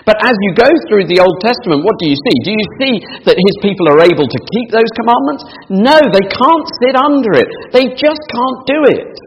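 A man preaching in a church hall, asking the congregation questions and reading scripture aloud. His voice sits fairly high and rises and falls in lively swings. A long reverb hangs in the hall behind him. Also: brisk, hardly any pauses, a little hiss or hum. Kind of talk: sermon.

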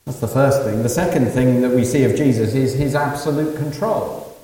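A male preacher with a mellow, warm voice delivers a sermon, asking rhetorical questions and moving between hushed and raised passages. He sounds far from the mic in a long, echoing hall, with a faint hiss underneath. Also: medium pitch, normal speed. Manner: asks rhetorical questions and swings from quiet to loud.

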